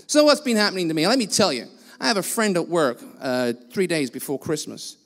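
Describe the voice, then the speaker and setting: A man's voice: a little high, lively intonation, a little fast, in a large hall, soft background music. A man preaching a sermon as a guest speaker in a church, blunt and self-mocking in his delivery. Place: church hall.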